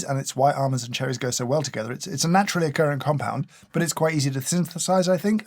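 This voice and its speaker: Male reviewer, fairly high voice, wry and deadpan, grumbling through tastings. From United Kingdom. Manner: dry, sardonic, mock-exasperated. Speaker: coffee reviewer. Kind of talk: casual taste-test commentary.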